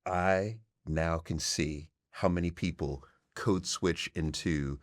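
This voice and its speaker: Deep-voiced guy hosting a chat, very dry close sound. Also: slow pace, no echo. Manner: conversational, affirming. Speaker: host. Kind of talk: casual interview chat.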